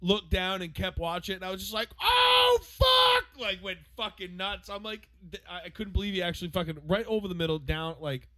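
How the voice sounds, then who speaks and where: A man's voice: sits high, fairly even intonation, quick pace, few pauses, fairly bright tone. A man co-hosting a casual chat, laid-back, swearing freely and agreeing often. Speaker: podcast co-host.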